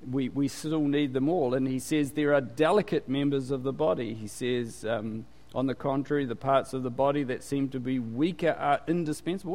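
In a church with long hall reverb, a male pastor with a mid-range, slightly mellow voice gives a conversational sermon. He keeps it chatty, frequently quizzing the congregation and waiting for their answers.

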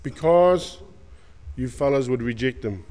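A man's voice: mid-range voice, expressive, measured pace, mellow, big-room sound, lightly acted. A man voicing Jesus sternly rebuking his listeners.

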